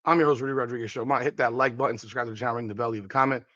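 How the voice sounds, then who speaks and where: A man's voice: medium pitch, steady tone, very fast, pushed and bright, no room sound, lo-fi sound. A man hosting a podcast, giving emphatic sports commentary on a clip and repeating his points for weight. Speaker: podcast host.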